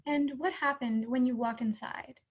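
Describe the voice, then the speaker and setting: A woman acting as prosecuting counsel in a mock trial over a video call, asking brisk, direct questions. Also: high-pitched, steady tone, muffled recording. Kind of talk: courtroom direct examination.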